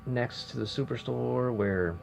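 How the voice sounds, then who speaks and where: A man's voice: medium pitch, a little slow, gravelly. A young man rambling casually through a story from his old job, chatty and self-interrupting. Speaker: vlogger. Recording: dull lo-fi sound with faint noise.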